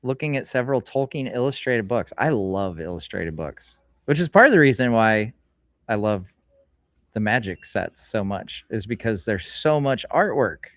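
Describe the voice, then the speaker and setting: A middle-aged man hosts a casual live stream, chatting in a rambling way and reading card names aloud slowly. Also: fairly low pitch, animated, a bit bright, no room sound. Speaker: streamer host. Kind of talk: casual live-stream chat while opening card packs. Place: hobby store, indoors.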